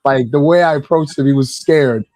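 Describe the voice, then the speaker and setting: A man from Irvington, New Jersey, telling a casual story as a guest, calm and subtle, then rising in energy. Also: fairly high pitch, normal speed, no room sound, rough recording. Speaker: guest, kids' Lego class instructor.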